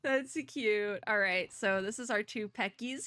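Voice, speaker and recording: A woman's voice: medium pitch, measured pace, bright, forceful tone, smooth, dry recording, clean studio sound. A young woman chatting casually and giggling as she plays a game and comments aloud. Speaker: gaming content creator. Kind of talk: casual let's-play commentary.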